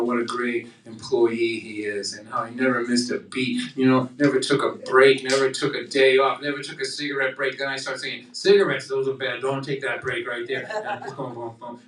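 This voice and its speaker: An older man performing live storytelling comedy, animated and acting out voices and heartbeat sounds. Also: medium pitch, fairly quick, few pauses, reverberant, far from the mic, a little hiss or hum, poor audio. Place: coffeehouse stage.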